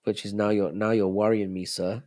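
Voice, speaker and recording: A man's voice: fairly low pitch, level tone, moderate pace, dark tone. A young man hosting a casual live stream, chatting loosely and answering viewers' messages as he reads them out. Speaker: livestream host.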